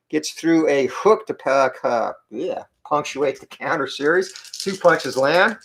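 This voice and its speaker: A man with a slightly hoarse morning voice, giving play-by-play commentary on a tabletop boxing game and calling out each roll in short clipped phrases. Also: on the high side, lively intonation, a bit bright. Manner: calls each dice roll and punch count in quick clipped phrases.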